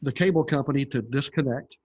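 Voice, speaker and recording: A man's voice: medium pitch, fairly quick, a little mellow. An older man, a podcast guest, telling his story in a rambling, conversational way with many fillers. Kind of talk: conversational testimony.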